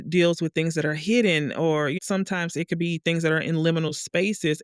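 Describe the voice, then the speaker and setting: A woman telling a dream story in a casual monologue, acting out the other people in higher voices. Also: dry recording, studio quality. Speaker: vlogger sharing a dream and astrology.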